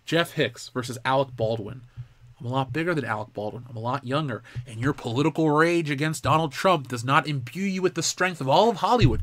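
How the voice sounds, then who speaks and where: A man's voice: fairly high pitch, fairly bright tone, no echo. Dry-voiced man ranting on a live show. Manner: heated, profane, ranting. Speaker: host of a live pop culture show. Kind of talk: live-stream commentary rant.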